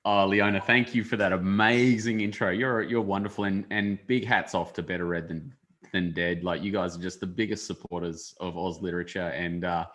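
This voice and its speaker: A man's voice: low-pitched, steady tone, normal speed, fairly bright tone. An Australian man interviewing on a video call, effusive and full of hesitant ums. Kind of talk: casual conversation on a video call.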